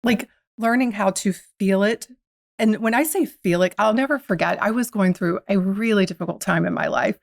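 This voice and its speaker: With a medium pitch, vocal fry and normal speed, a woman from the American South speaks as a podcast interview guest. She tells her story reflectively and quotes her inner dialogue, in clean studio sound with no room sound.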